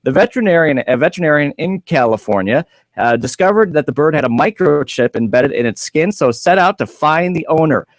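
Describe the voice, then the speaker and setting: A man's voice: on the high side, lively intonation, a little fast, no room sound. A man hosting a call-in pet radio show, chatting in an upbeat, easy way. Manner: upbeat, repeats the phone number, easy banter. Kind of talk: casual radio chat.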